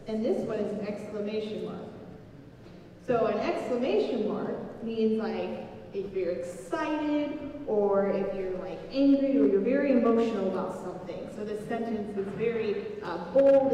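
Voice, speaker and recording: A woman pastor giving a children's message, explaining gently and slowly to children in a church sanctuary. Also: medium pitch, slight background noise. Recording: echoey church hall from far off.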